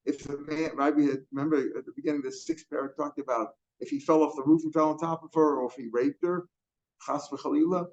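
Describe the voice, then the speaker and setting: Male Talmud teacher, fairly high voice, explains with repetition, muffled lo-fi sound. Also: fairly even intonation, fast, a little mellow. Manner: explains by repeating and rephrasing, Hebrew and Aramaic terms. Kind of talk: line-by-line Talmud lesson. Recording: dull lo-fi recording.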